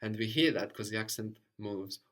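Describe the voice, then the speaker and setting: A man's voice: fairly low pitch, normal speed. Patient male language teacher. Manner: patient, prompting with questions, often ends with "no?". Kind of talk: guided language lesson.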